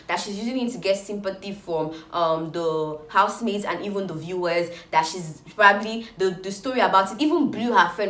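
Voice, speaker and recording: A woman chattily recapping reality TV gossip, animated and exclaiming. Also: mid-range voice, reverberant.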